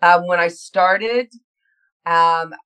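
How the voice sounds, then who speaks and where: A middle-aged woman, a guest actress, chatting in an interview and telling lively stories about her work, acting out her own nervous thoughts with laughs and restarts. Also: fairly low pitch, very slow, clear, resonant tone, faint music behind, rough recording. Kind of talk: casual interview chat.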